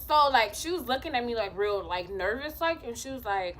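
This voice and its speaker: A woman's voice: a little high, lively intonation, fairly quick, few pauses, fairly bright tone, a little hiss or hum. A young woman vlogger telling a personal story in casual chat, acting out the quotes and swearing freely. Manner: chatty, acts out quotes, swears.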